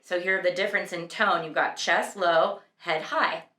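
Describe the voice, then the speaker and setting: A woman's voice: lowish voice, moderate pace, bright, forceful tone. A young adult woman vocal coach, explaining singing registers and breaking into sung examples. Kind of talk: singing lesson with sung demonstrations. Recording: echoey room.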